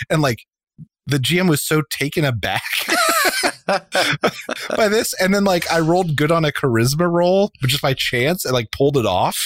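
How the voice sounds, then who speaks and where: A man's voice: medium pitch, moderate pace, no echo, clean studio sound. A man who runs tabletop games, chatting casually and telling stories about his characters. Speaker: dungeon master and podcast co-host. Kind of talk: casual chat.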